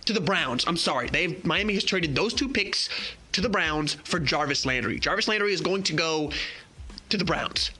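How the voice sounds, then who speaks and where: A man giving a casual sports news update, excitable, swearing and exclaiming as he goes. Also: a little high, normal speed, breathy edge.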